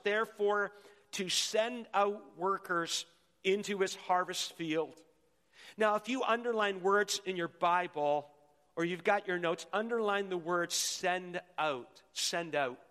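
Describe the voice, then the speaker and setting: A middle-aged male pastor with a high voice delivers an energetic sermon in a church sanctuary. He rallies the congregation into call-and-response. His voice rings with the long reverb of a large hall.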